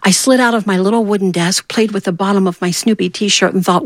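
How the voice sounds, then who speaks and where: A woman telling a personal story in an animated way, acting out the voices of the people in it. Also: medium pitch, fairly quick, few pauses.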